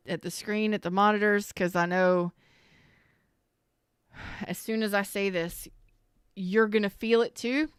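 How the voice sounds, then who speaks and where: A tarot reader with a fairly low, smooth voice gives a live-streamed reading on a dry recording. She rambles candidly and emotionally, swearing casually while on the verge of tears.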